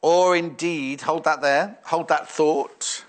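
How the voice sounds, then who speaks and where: A man's voice: a little high, steady tone, slow. A man presenting fabrics on a live shopping channel, chatting and musing aloud as he reads out viewer messages. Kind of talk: live sales demonstration.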